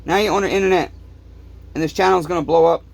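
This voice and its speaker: A man's voice: on the high side, steady tone, fast talker, vocal fry. Swearing, fed-up man ranting in a workshop. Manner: swears constantly, frustrated ranting. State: tired, fed up. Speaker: small-engine repair shop owner. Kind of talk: angry workshop rant to camera. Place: repair workshop.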